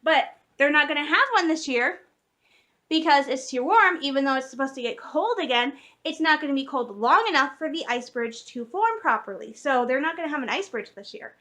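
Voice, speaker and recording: A woman's voice: sits high, animated, fairly quick, pushed and bright. A woman, vlogging in a rambling, chatty way, laughing often and correcting herself mid-sentence. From Michigan, USA. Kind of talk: casual vlog chat.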